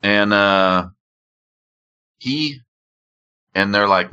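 A man in casual conversation, telling a funny story in a wry, deadpan way and swearing freely. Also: sits low, moderate pace, long pauses, dull audio. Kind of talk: casual chat, comic storytelling.

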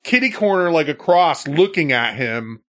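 A man telling a story in casual podcast chat, swearing freely and shouting when he acts out the scenes. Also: a little high, moderate pace, no room sound, studio quality. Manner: profane, animated storyteller who shouts when acting out scenes.

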